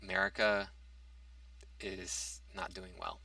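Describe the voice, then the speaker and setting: Gravelly, argumentative man talking. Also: deep voice, flat delivery, slow pace, sharp tone, no echo, far from the mic. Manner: argumentative, reads out a topic then rebuts it; hesitant restarts and fillers. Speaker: commentary vlogger. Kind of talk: casual opinion monologue.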